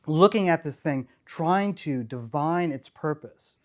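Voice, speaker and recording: A man's voice: a little high, expressive, very slow, a little mellow. A middle-aged man giving a storytelling keynote talk, enthusiastic and rambling, often restarting his sentences. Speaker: conference speaker.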